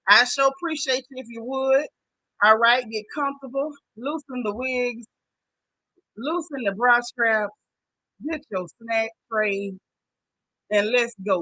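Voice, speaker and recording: Excited woman host, bright voice. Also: on the high side, rough recording. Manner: animated, folksy, loud greetings. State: out of breath. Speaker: show host greeting live chat. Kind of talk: casual livestream chat.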